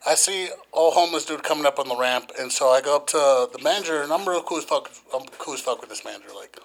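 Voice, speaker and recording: A man's voice: on the high side, fast, soft background music. A man co-hosting a podcast, telling a story in casual, profane talk and acting out the voices. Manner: profane, animated, acts out voices. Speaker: podcast co-host.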